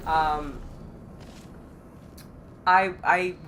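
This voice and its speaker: A woman co-hosts a game stream in relaxed, casual chat, rambling and restarting her sentences as she goes. Her voice sits fairly low, with a bright, forceful edge. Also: very slow, slight background noise. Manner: rambling, self-interrupting. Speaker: stream co-host.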